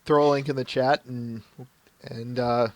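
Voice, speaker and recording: A man with a Minnesotan accent hosts a casual live-stream podcast, chatting, laughing, and often restarting his sentences. His mid-range voice is steady and unhurried, recorded with no room sound.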